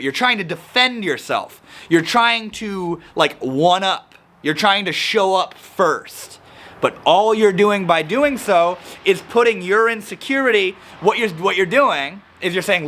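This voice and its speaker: A young man who hosts self-help videos talks casually to the camera about social anxiety. He's animated and acts out the people he quotes, speaking at a normal speed in a fairly high voice.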